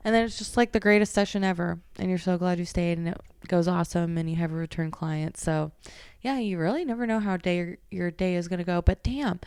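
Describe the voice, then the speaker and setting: A woman hosting a podcast, reading aloud posts and adding chatty, animated asides of her own. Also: fairly low pitch, a little fast, clean tone, no room sound, studio quality. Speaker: podcast host and massage therapist.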